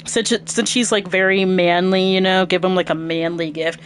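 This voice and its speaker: A woman's voice: lowish voice, fairly even intonation, moderate pace, slight background noise. A woman casually commentating while streaming a video game, chatty and thinking aloud.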